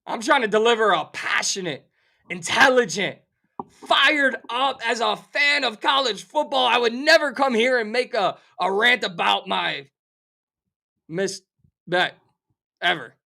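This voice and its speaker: A middle-aged man hosting a sports talk show, delivering an animated, sarcastic rant of theatrical outrage about a football game and a bet. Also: very high-pitched, a little slow, vocal fry. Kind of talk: fired-up sports betting rant.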